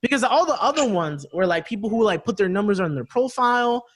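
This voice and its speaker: A man's voice: high-pitched, animated, a little fast, husky. A man co-hosting a casual podcast chat, telling a story in loose slang and acting out both sides of a conversation. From United States. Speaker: podcast co-host.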